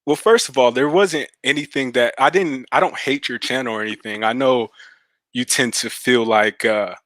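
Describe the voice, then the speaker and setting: A man calling into a debate stream, answering calmly and slowly with a sarcastic edge. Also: mid-range voice, dry recording. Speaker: caller. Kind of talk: call-in debate.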